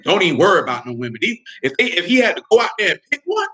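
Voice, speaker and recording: A man's voice: high-pitched, huge pitch swings, very fast, hardly any pauses, pushed and bright. A man hosting a podcast, giving heated, blunt and profane casual commentary and often asking if listeners follow him. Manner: blunt, heated, profane, keeps asking "you know what I'm saying". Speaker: podcast host.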